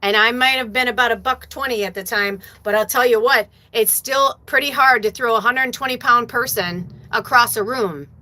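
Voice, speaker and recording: A woman's voice: fairly high pitch, moderate pace, few pauses, sharp tone. A woman hosting a spiritual livestream, talking in a casual, emotional and profane way and reading viewer comments aloud. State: tearful at times. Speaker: spiritual medium, livestream host.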